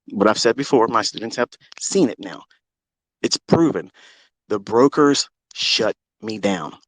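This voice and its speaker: A man hosting a live audio stream, delivering a heated, profane and boastful rant that swings between loud outbursts and low muttering. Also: no room sound. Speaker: trading educator and Twitter Space host.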